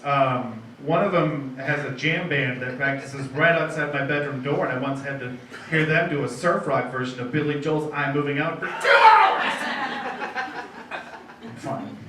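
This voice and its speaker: A man's voice: on the high side, pushed and bright, recorded from a distance. A young man doing a rambling, self-deprecating stand-up set at a bar comedy night, with restarts and asides to the crowd. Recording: very echoey room, mic heard from afar, faint noise.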